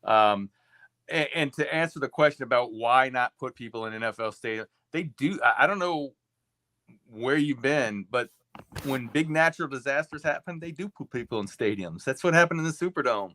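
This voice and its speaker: Bright, dry-voiced arguing man. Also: mid-range voice, lively intonation, normal speed, no room sound. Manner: hedging, argumentative. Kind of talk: casual panel discussion.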